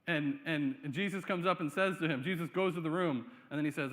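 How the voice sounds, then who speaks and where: A man's voice: a little high, a little fast, fairly bright tone, in a large hall. A male pastor preaching a sermon in a conversational way, asking the room rhetorical questions. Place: church sanctuary.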